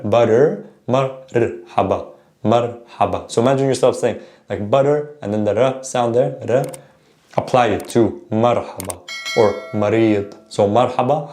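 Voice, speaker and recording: A man teaching a casual spoken lesson, stopping often to say example words slowly and correct himself. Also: medium pitch, darkish tone. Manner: repeats words slowly to model pronunciation; self-correcting, informal. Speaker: language teacher.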